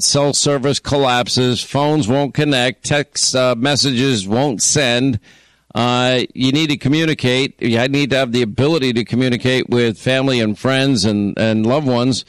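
A man's voice: mid-range voice, clear, resonant tone, no room sound. A man with a New York accent, hosting a talk radio show in a studio and teasing his co-host. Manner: teasing, bantering, quick asides. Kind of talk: casual talk radio banter. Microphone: studio microphone.

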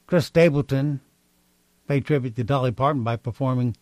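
A man's voice: medium pitch, normal speed, darkish tone, no echo. A man hosting a casual radio chat, offhand and hesitant, with frequent ums between items. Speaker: radio host.

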